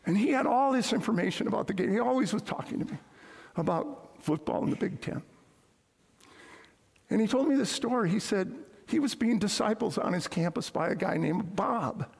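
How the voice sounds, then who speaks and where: A man's voice: sits high, animated, brisk, gravelly, breathy edge. A man preaching a sermon as pastor, telling stories and repeating his key points. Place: church sanctuary. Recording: echoey hall with long reverb.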